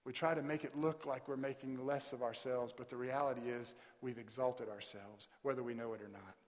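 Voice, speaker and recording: A male pastor preaching a sermon, with emphatic delivery that swells into loud, stressed peaks. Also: medium pitch, fairly even intonation, a little fast. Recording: long hall reverb.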